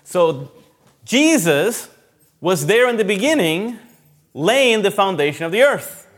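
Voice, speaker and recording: A man preaching a sermon, emphatic, often repeating key phrases and swinging between loud and quiet. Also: high-pitched, sing-song, slow.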